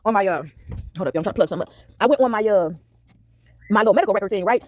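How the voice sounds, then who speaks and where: A woman ranting casually to her viewers from home into a phone, animated and rambling, tagging on "right?" and "y'all" constantly. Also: medium pitch, racing, slight background noise. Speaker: vlogger. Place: at home, indoors.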